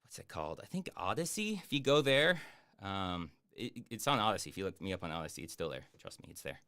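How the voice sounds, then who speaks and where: A man chatting casually on a live stream, answering viewer questions in a rambling, jokey way with lots of fillers and deadpan boasts. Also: sits low, fast, clear, resonant tone. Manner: hesitant with many fillers. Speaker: YouTube streamer answering chat.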